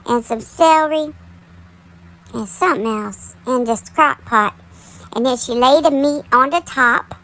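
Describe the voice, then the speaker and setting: A woman tells gossip in a loose, rambling way, full of "like" and "y'all." Her voice sits a little high and sounds bright and forward. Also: rough recording. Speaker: commentary channel host. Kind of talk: casual gossip commentary.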